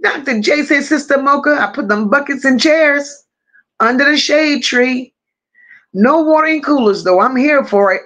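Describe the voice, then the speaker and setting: A woman with a high-sitting, slightly bright voice hosts a casual livestream at normal speed. She warmly greets viewers one at a time and reads their comments out loud.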